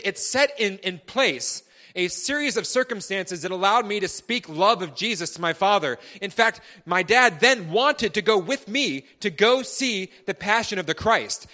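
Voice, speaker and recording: With a slightly high voice, a man earnestly preaches his testimony to a congregation, moving between fervent, loud bursts and hushed, quieter stretches.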